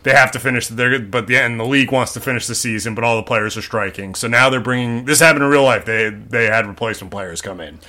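A man's voice: medium pitch, fast talker, few pauses, sharp tone. A young man co-hosting a podcast, chatting casually, rambling with many repeats and fillers. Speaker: podcast co-host. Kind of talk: casual chat.

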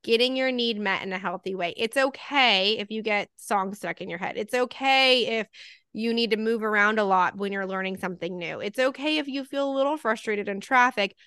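A woman's voice: mid-range voice, normal speed, pushed and bright, smooth, dry recording, clean studio sound. A woman in her thirties, a podcast co-host, talking earnestly in casual chat and acting out her own inner thoughts.

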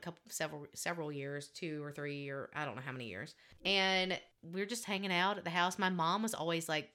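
A young adult woman, telling a story in casual podcast chat, animated and laughing. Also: lowish voice. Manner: animated, laughing, acts out quotes. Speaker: podcast co-host.

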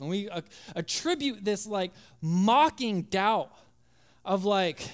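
High-voiced pastor preaching with passion. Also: male voice, animated, unhurried, clear, resonant tone. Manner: impassioned, acts out biblical voices, drops to hushed tones. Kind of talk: sermon.

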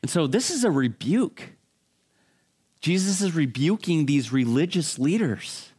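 A man's voice: on the high side, lively intonation, measured pace, darkish tone, slightly rough. A man preaching a Bible teaching sermon in a conversational way, with frequent restarts and fillers.

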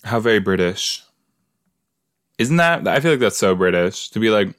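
A man's voice: on the low side, expressive, normal speed, pauses often, fairly bright tone, no room sound, studio quality. A man hosting a casual watch-along podcast, chatting in a rambling way and talking to his listeners. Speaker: podcast host.

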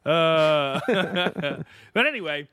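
A man's voice: a little high, lively intonation, very slow, pushed and bright, clean tone. A man co-hosting a casual movie podcast, joking around and laughing often with mock exasperation. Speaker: podcast host.

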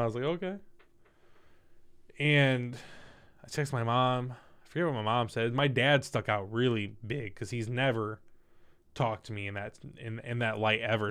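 Young man, casual chat, swears a lot, candid, middle pitch. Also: clear, resonant tone. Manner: candid, profane, animated storytelling. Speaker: guest telling a story.

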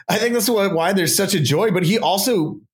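A man co-hosting a podcast in casual chat, telling jokey stories in an animated way. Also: sits high, moderate pace. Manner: animated, swooping, jokey storytelling. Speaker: podcast co-host.

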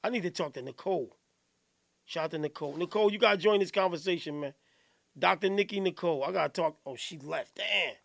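Male podcast host, very high and bright voice, rowdy, laughs and shouts a lot. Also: fast talker, vocal fry. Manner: excitable, laughs and shouts, keeps saying hold on. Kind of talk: rowdy live podcast chat.

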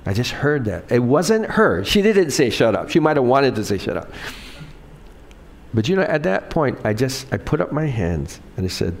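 Middle-aged male pastor, animated pitch, chatty sermon delivery with acted-out quotes. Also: moderate pace, creaky, hardly any pauses, slight background noise. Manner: conversational, asks the congregation questions; acts out quoted lines in different voices.

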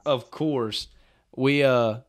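A man's voice: mid-range voice, drawn-out words, no echo, clean studio sound. A man, telling hunting stories in a casual chat and acting out what people said. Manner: animated storyteller, acts out quotes, laughs often. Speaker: hunting storyteller guest.

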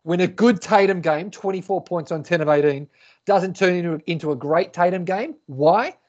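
A man with a notably high voice co-hosts a casual sports chat, animated and full of excitable build-ups. The audio comes through muffled and lo-fi. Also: normal speed. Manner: enthusiastic, builds up to a question with dramatic lead-ins. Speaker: podcast co-host.

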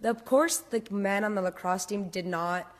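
A woman's voice: medium pitch, moderate pace. A young adult woman talking candidly and rambling in casual podcast chat, with many filler words. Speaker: podcast host or guest.

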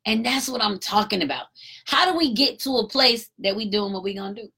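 A woman giving an emphatic, animated casual commentary, a parent talking in her own voice. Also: medium pitch, a little fast, slightly rough. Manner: emphatic, animated storytelling with acted-out quotes.

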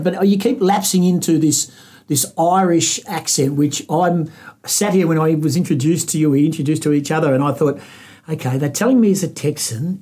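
A man's voice: fairly high pitch, mellow, slightly rough. A man with an Australian accent hosting a podcast interview, asking long, rambling questions with many restarts. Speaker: podcast host.

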